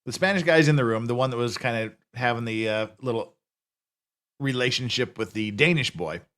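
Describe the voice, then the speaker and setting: A man's voice: mid-range voice, a little fast, a bit bright. A man giving a casual, unscripted recap of a TV episode, rambling and correcting himself as he goes. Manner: rambling, frequent restarts and self-corrections; casual, conversational. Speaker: TV series reviewer.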